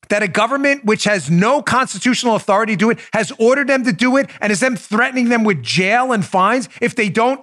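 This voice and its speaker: Podcast host, middle-aged man, New York-raised, higher-pitched voice, sarcastic and indignant ranting with quiet confiding asides. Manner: indignant, sarcastic, rapid rhetorical questions; swings to soft, confiding asides. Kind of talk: heated political commentary.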